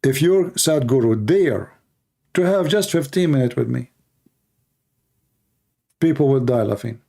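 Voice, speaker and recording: Warm and animated yet unhurried, the livestream host's creaky, medium-pitched voice drifts through an unscripted monologue. He is mocking and combative as he rambles, his voice fatigued from talking for hours.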